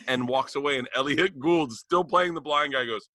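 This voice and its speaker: Man, mid pitch, bright forceful tone, dry close sound, excitable, laughing storyteller. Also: fast, few pauses, no echo. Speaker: podcast host. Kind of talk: casual comedic storytelling.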